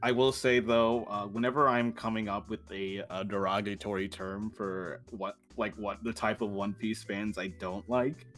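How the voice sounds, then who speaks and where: A man hosts a relaxed live stream, chatting with a guest and with his viewers. He laughs easily between remarks, and faint music plays in the background. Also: lowish voice, moderate pace, few pauses. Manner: laughs often, talks to his chat. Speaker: streamer host. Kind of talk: casual stream chat.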